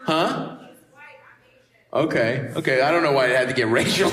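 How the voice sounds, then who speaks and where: A male stand-up comedian doing crowd work, loud and profane, teasing the audience and laughing. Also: on the high side, lively intonation, fairly quick. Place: comedy club stage with audience. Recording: echoey live club recording with loud ambience.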